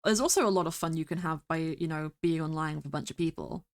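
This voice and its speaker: A woman streamer rambling through casual gameplay commentary, talking to herself with bursts of excited exclamations. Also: low-pitched, fast. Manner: chatty, rambling self-talk with excited exclamations. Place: home streaming setup.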